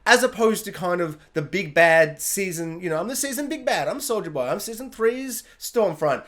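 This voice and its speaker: Brief: male TV reviewer, higher voice, chatty and excitable, casual rambling delivery. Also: moderate pace. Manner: chatty and excitable, heavy use of "like". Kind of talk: casual spoken TV episode review.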